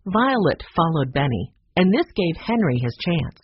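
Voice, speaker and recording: A narrator reading a children's novel aloud in a clear, gentle storytelling manner. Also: medium pitch, sing-song, moderate pace, dry recording, muffled recording.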